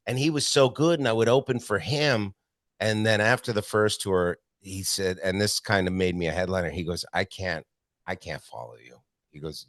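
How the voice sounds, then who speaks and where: A man, a stand-up comedian from Canada, telling profane, animated anecdotes as a podcast guest. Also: low-pitched, fairly quick, dry recording, clean studio sound. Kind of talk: casual storytelling interview.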